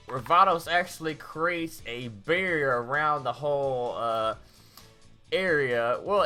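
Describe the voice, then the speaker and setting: A woman giving a casual, rambling review of a cartoon episode, recapping scenes in a chatty way. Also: low-pitched. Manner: rambling, animated recap with quick acted-out quotes.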